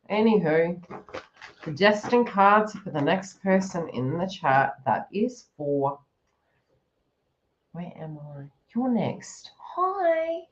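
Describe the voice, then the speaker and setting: A woman's voice: fairly low pitch, sing-song, takes it slowly, pauses often, dull audio, slight background noise. A woman giving a live-stream tarot reading, chatty and giggly, often acting out the listener's inner thoughts in quoted asides. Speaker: tarot reader.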